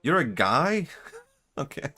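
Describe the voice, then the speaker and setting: A man's voice: medium pitch, big pitch swings, slow pace, bright, forceful tone, slightly rough. A man, streaming and chatting casually with a chatty, self-amused manner. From Sweden. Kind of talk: casual gaming stream chat.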